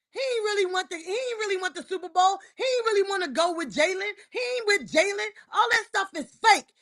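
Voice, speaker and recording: A woman with a very high voice rants on a livestream. She's heated and exasperated, trash-talking her team's players and coaches. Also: fairly bright tone. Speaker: livestream host. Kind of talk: ranting sports reaction livestream. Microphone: streaming mic.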